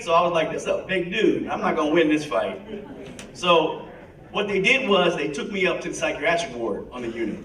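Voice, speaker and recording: A man's voice: on the high side, a bit bright, slight background noise. A man in his fifties telling a personal recovery story to an audience, acting out the voices of the people in it. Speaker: guest speaker. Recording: echoey hall, mic from a distance.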